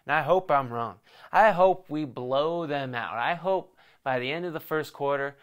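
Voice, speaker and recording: A man's voice: on the high side, clear, resonant tone. A young man hosting a casual solo sports podcast, rambling and joking as he previews a game. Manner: rambling, joking, fast bursts. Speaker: podcast host.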